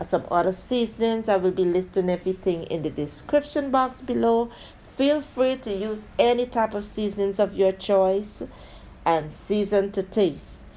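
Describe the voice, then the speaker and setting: A woman's voice: mid-range voice, mellow. A woman hosting a casual cooking tutorial. She talks viewers through each step in a chatty way, with friendly asides, and keeps calling them "guys". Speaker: cooking channel host.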